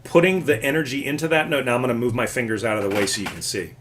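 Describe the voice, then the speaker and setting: A man teaching a live classical guitar lesson, explaining patiently and warmly encouraging his student. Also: mid-range voice, lively intonation, rapid-fire, a little hiss or hum.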